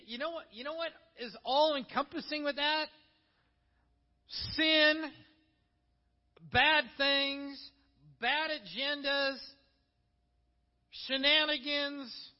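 A middle-aged male pastor preaching a sermon, telling stories with animated energy and acting out the voices of the people he quotes. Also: very high-pitched. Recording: long hall reverb, dull lo-fi sound.

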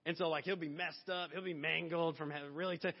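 High-voiced man preaching in a reverberant hall. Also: quick pace. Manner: animated, conversational preaching with acted-out asides. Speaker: pastor. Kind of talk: sermon. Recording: dull long-reverb hall sound.

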